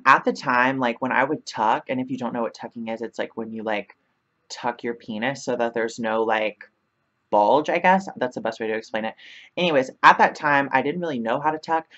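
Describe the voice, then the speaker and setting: A woman's voice: very deep voice, normal speed, fairly bright tone, highs cut off. A young woman vlogger telling a casual storytime, chatty, filling her talk with 'like' and laughing often.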